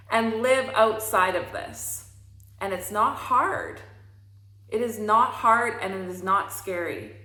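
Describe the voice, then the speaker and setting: A woman's voice: medium pitch, pushed and bright, echoey room. A woman coaching listeners in a motivational talk, emphatic and preachy, with free swearing. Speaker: spiritual coach.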